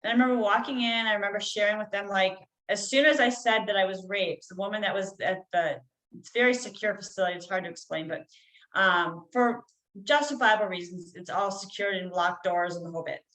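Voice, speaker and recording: A woman's voice: mid-range voice, brisk, a bit bright, roomy sound, poor audio. A woman, a healer guest on a podcast, telling a personal story in a casual, chatty way with many "like" and "you know" fillers.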